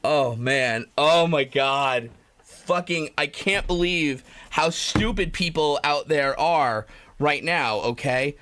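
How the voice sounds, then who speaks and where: A man's voice: a little high, slow pace, a bit bright, a little hiss or hum. A man live streaming, ranting in a rambling, profane, self-pitying way and breaking into laughter. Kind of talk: comedic live-stream rant.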